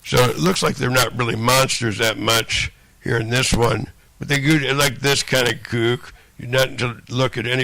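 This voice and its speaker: A man rants in a long, rambling monologue, swearing freely and circling back to repeat the same phrases. His voice is gravelly with plenty of fry, yet bright and sharp-edged in tone. The sound is dry and close, with no room echo. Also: mid-range voice, steady tone, moderate pace. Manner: profane, repetitive, rambling rant.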